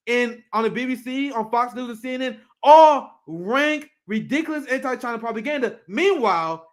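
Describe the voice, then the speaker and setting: High-pitched, animated political commentator man. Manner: animated, profane, laughs often, reads news aloud.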